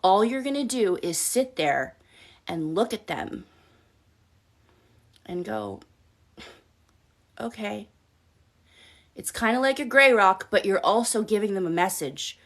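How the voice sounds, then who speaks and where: A woman's voice: mid-range voice, animated, unhurried. Blunt, frank woman coaching live. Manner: blunt, profane, direct coaching tone; addresses listeners with frequent "okay?" check-ins. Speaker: life coach and host. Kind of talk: live-stream advice talk.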